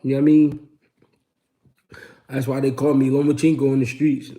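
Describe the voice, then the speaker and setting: A man's voice: medium pitch, little pitch movement, normal speed, mellow. A man hosting a casual livestream, answering chat questions and telling street stories in a slangy, laid-back way. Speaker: host.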